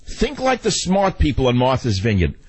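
Talk radio host, man, husky voice, sarcastic rant with big pitch swings. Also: huge pitch swings, moderate pace, a little mellow, poor audio.

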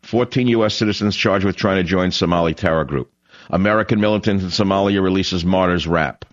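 A man hosting a political talk radio show, ranting in a combative, sarcastic monologue with sudden loud outbursts. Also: low-pitched, brisk, highs cut off.

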